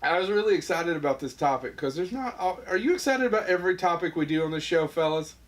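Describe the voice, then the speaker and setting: A man's voice: on the high side, expressive, fast. A man hosting a comedy podcast, bantering casually and steering the talk back on topic between crude jokes. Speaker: podcast host.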